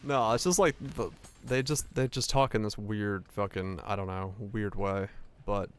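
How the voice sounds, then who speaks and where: A man's voice: on the low side, fairly even intonation, unhurried, clean tone. A young man chatting casually while gaming, rambling in a profane way with lots of stammered restarts. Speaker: streamer.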